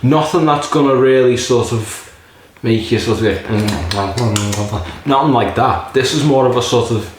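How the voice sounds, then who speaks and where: A man's voice: medium pitch, moderate pace, slight background noise. A man casually reviewing a beer in a rambling, jokey way, swearing often. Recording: very echoey room.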